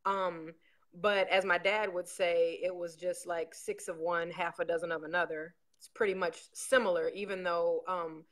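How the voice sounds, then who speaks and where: A woman's voice: lowish voice, fairly even intonation, normal speed, a bit bright. A woman, a guest on a podcast, talking in a direct, joking way. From Texas. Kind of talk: remote interview.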